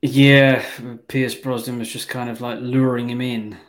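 A man with a mid-pitched voice chats about films over a remote call. He talks bluntly and casually, with the odd swear word. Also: level tone, unhurried.

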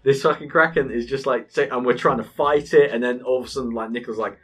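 A man in his thirties, casually co-hosting a podcast, telling an animated, sweary gaming story and laughing often. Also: mid-range voice, fast, breathy edge, faint music behind.

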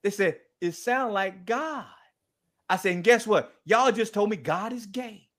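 A man speaking as a guest, telling a story in a lively, preacher-like way and acting out the quoted dialogue. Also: high-pitched, unhurried. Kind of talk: animated storytelling talk.

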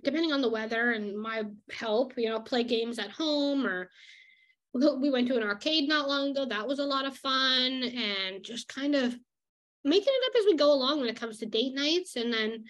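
Chatty young woman, slightly high voice. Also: animated, normal speed. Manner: chatty, with frequent "like" and laughs. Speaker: illustrator vlogger. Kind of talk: casual vlog chat.

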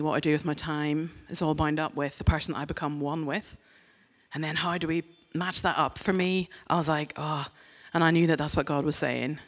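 A low-voiced woman preaches a conversational sermon at church. Her stories are candid and poke fun at herself, while her appeals are earnest and direct.

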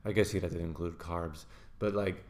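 A man's voice: sits low, steady tone, moderate pace, darkish tone. A young man hosting a casual podcast chat, joking loosely and swearing freely. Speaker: podcast host.

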